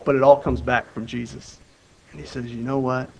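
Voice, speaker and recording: A man preaching a sermon in an earnest, conversational way. He repeats and restarts his phrases, and his delivery moves between loud urgency and quiet emphasis. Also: medium pitch, little pitch movement, moderate pace, creaky, rough recording. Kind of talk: sermon with Bible reading.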